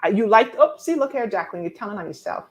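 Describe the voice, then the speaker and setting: A woman speaks as a life coach on a live stream, voice pitched in a middle range. She is expressive and preacherly, repeating phrases for emphasis and teasing viewers by name as she reads their comments. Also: fast talker.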